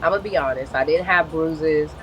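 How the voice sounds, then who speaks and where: A woman's voice: low-pitched, brisk, lo-fi sound, slight background noise. A woman as a guest on a live stream, telling a painful personal story in a candid, blunt way and swearing often.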